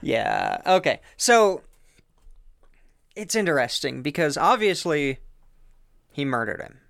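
A man's voice: a little high, very animated, slow pace, creaky, a bit bright, dry recording, studio quality. A man reacting and giving blunt opinions in casual chat, swearing freely. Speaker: podcast co-host.

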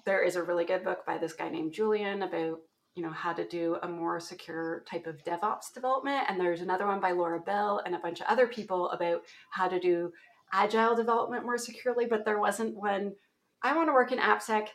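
A woman's voice: fairly low pitch, steady tone, a little fast. A woman in her forties with a Canadian accent, a guest telling her career story in a chatty, laughing way. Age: 40s. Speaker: guest, application security author. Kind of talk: casual interview chat.

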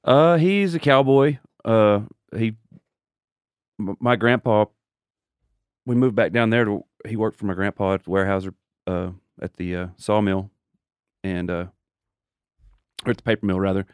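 A man, a guest on a podcast, answering in laid-back, halting casual chat. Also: lowish voice, smooth, no echo, studio quality. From southeastern Oklahoma. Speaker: guest musician.

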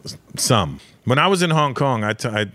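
A man's voice: medium pitch, expressive, normal speed, sharp tone, no echo. Teasing man with a crude sense of humor. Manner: teasing, crude, does voices in his stories. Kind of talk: casual podcast banter.

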